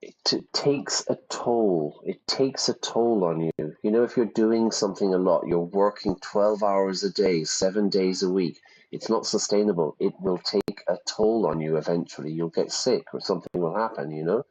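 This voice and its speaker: Over gameplay, a man teaches English vocabulary in a relaxed, chatty style, using everyday examples to explain each word. His voice is low-pitched and a little mellow, and he talks at a moderate pace. The audio is dull and lo-fi.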